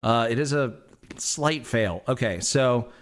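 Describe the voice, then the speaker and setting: A man's voice: mid-range voice, slow pace. A man running a tabletop game as game master, talking with many fillers. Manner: lively, hesitant with fillers.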